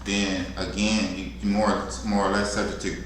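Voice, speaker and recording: Laid-back lower-voiced man in an echoey room. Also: normal speed. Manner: relaxed, conversational, colloquial. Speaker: security co-trainer. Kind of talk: casual instructional talk. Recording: very echoey room, faint noise.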